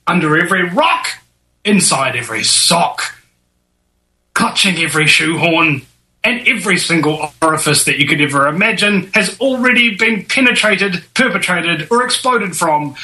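A young man from New Zealand hosting a casual talk show, jokey and animated. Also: low-quality recording. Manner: animated, jokey, swings between high and low voices. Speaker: host.

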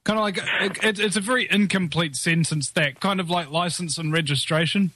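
A man's voice: sits high, fairly quick, bright, forceful tone, no room sound. A man hosting a radio talk show, chatting casually in a rambling, joking way with many fillers.

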